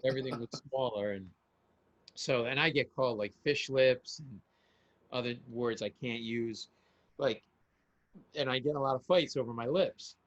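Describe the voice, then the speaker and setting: A man co-hosting a casual comedic chat over a video call, telling stories with deadpan punchlines. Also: mid-range voice, moderate pace, long pauses, highs cut off. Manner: joking storyteller, deadpan punchlines. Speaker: comedian, co-host.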